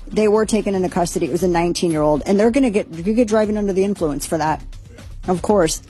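A woman's voice: on the low side, fast, dark tone, husky, soft background music. A woman talk show host, giving a casual, rambling rundown of news stories with lots of fillers.

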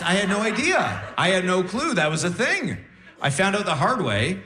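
A young man performing a stand-up comedy set on stage, animated, with sudden high-pitched exclamations. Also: moderate pace. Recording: echoey room.

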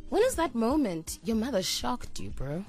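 Woman, radio co-host, animated storyteller, clear music under her. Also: on the high side, moderate pace. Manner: animated storyteller, acts out quotes, laughs.

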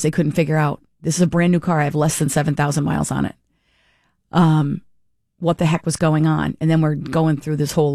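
A woman's voice: deep voice, vocal fry, warm tone, dry recording, clean studio sound. A woman hosting a talk radio show, chatting in a rambling way with frequent restarts.

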